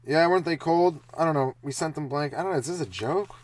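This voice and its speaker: A young man hosting a solo stand-up comedy podcast, talking in a loose, rambling, profane way with quick asides. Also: a little high, darkish tone, slight background noise.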